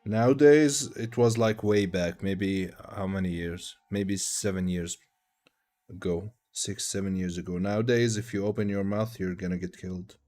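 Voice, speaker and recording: A man's voice: deep voice, steady tone, moderate pace, dark tone. A man from Tunisia, chatting casually and profanely on a game livestream. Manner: loose, profane, rambling storytelling. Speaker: game streamer.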